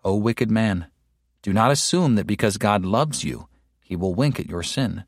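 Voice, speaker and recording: A man delivering a sermon in a slow, deliberate and emphatic way, with stern rebuking asides. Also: fairly low pitch, lively intonation, dry recording, clean studio sound. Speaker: preacher. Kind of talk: sermon read aloud.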